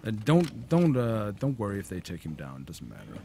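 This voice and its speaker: Brief: relaxed gamer commentator, low voice, lively pitch, loose rambling talk. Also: male voice, normal speed, vocal fry, noisy background. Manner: laid-back, rambling, with fillers. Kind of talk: casual gameplay commentary.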